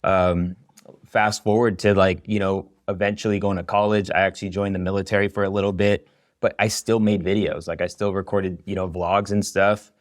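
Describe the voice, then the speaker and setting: Deep-voiced man in a dry room. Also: normal speed, no echo. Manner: energetic, storytelling, many fillers. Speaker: guest, video educator. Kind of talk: casual interview chat.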